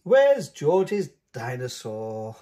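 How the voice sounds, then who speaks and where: A man reading a storybook aloud and voicing a curious little girl piglet who sighs through drawn-out questions. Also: mid-range voice, wildly swooping pitch, mellow, exaggerated voice.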